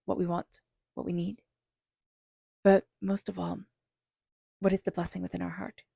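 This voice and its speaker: A woman giving a spiritual tarot reading in a soft, flowing voice with repeated affirmations. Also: lowish voice, gravelly, no room sound, clean studio sound. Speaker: tarot reader.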